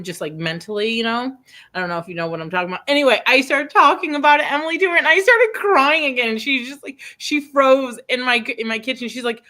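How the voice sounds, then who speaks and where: A woman in her thirties hosting a casual chat, rambling through a personal story with lots of fillers and restarts. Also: medium pitch. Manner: rambling storyteller, animated, quick laughs. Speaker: host.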